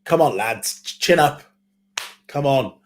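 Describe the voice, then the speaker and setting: A man's voice: medium pitch, lively intonation, a little slow. A man from Wales co-hosting a live football watchalong, teasing and rueful. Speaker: co-host.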